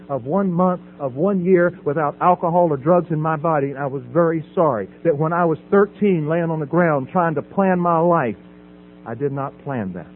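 A middle-aged man giving a personal testimony at a recovery meeting podium, dramatic, swinging from loud emphasis to hushed quiet. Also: fairly high pitch, phone-quality sound. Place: at a podium before an audience. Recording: phone-thin audio with faint hum.

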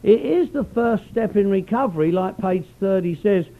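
High-voiced middle-aged man telling his story. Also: lively intonation, moderate pace, narrow, tinny audio. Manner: rambling, folksy, peppers speech with "you know". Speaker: recovery meeting speaker. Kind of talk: personal storytelling talk.

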